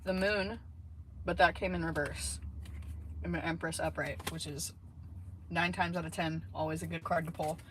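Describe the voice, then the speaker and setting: A woman's voice: sits low, steady tone, moderate pace, pauses often. A woman giving a casual, rambling tarot reading from inside a car, with many fillers and asides. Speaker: tarot reader. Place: in a parked car. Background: faint background noise.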